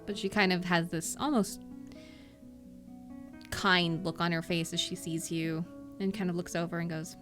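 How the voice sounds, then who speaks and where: Woman game master, rambling descriptive narration, low-ish voice, faint background music. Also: level tone, normal speed, pauses often. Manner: rambling, descriptive, many fillers.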